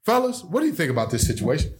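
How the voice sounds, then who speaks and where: High-voiced joking podcast host, a man. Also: racing. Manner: animated, joking, exaggerated storytelling. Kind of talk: casual sports podcast banter.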